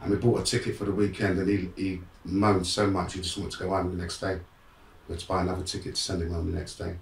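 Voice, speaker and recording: A man's voice: low-pitched, fast, gravelly, reverberant, distant mic. A middle-aged man, a guest frankly telling his life story in a streetwise way. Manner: frank, streetwise, animated in re-enacted moments. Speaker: guest, motivational speaker. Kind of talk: candid personal storytelling.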